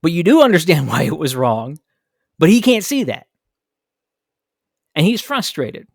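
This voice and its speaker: A man's voice: fairly high pitch, sing-song, measured pace, gravelly, dry recording, studio quality. Candid man telling a personal story. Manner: candid, reflective. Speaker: podcast host.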